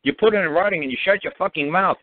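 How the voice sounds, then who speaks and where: A man's voice: high voice, fast talker, no echo. Man, call-in guest, blunt, profane, commanding, tinny dry phone line. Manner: emphatic, commanding. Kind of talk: casual call-in radio talk.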